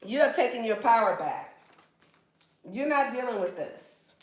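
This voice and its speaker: High-voiced, blunt woman reading tarot. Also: expressive, measured pace. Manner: blunt, slangy, swears freely, acts out the listener's replies. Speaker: tarot reader. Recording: echoey room.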